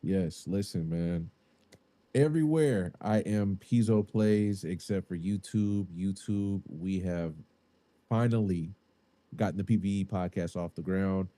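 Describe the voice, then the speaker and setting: A man's voice: low voice, a little slow, dark tone, dry recording. A man co-hosting a podcast, talking in casual chat with hesitant, repeated words. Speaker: podcast co-host.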